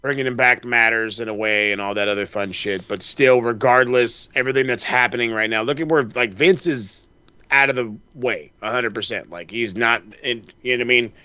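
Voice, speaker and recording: Bright-voiced man ranting on a podcast. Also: mid-range voice, a little fast, clean tone, no room sound, lo-fi sound. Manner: profane, animated ranting. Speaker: podcast co-host. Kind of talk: casual chat.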